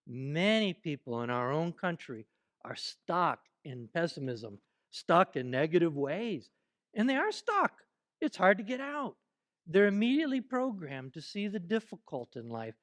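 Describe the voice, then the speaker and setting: A man preaching a sermon at a church service, animated and playful, leading the congregation in call-and-response exercises. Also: high-pitched, moderate pace. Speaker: pastor.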